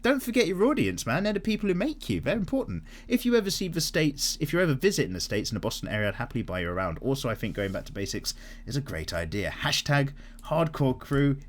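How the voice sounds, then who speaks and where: A man in easy, unscripted conversation, his pitch swinging up and down a lot as he talks. He sounds animated and swears without a second thought. His voice sits at an ordinary middle pitch for a man. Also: fast. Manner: animated, casual, swears freely. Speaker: art channel host. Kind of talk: casual chat reading viewer comments.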